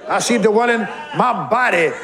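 A fervent male preacher with a high, ringing voice, shouting scripture and urging his congregation on. A live church crowd is clearly heard behind him. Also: moderate pace. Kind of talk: sermon.

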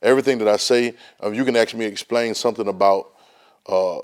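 A man's voice: lowish voice, quick pace. A man teaching a Bible study class, emphatic and folksy, often repeating words as he restarts a thought. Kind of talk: Bible study lesson, preaching.

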